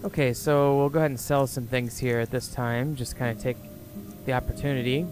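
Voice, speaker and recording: A man's voice: medium pitch, steady tone, fairly quick, darkish tone. A man giving casual, rambling commentary on a video game he is playing, with lots of fillers. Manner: chatty, rambling, with frequent fillers. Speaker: let's player. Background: game music.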